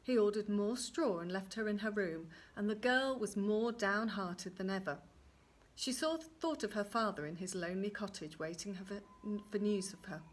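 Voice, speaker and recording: A woman's voice: mid-range voice, moderate pace. Woman reading a fairy tale aloud. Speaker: storyteller.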